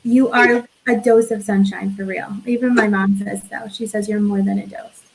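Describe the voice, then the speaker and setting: A woman's voice: mid-range voice, fairly even intonation, normal speed, vocal fry, a little hiss or hum, rough recording. A young woman hosting a casual chat show, effusive and bubbly, talking over a video call from home. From New York. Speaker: podcast host.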